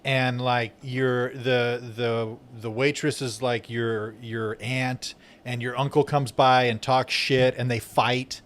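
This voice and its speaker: A man guest on a comedy podcast who tells rambling anecdotes and lets his voice trail off softly. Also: medium pitch, flat delivery, takes it slowly. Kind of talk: casual comedy chat.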